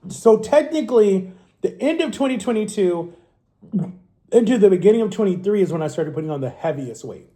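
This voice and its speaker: With a high, warm voice, a Florida vlogger in his thirties eats on camera while telling his story. He's casual and candid, rambling a bit and correcting himself as he talks.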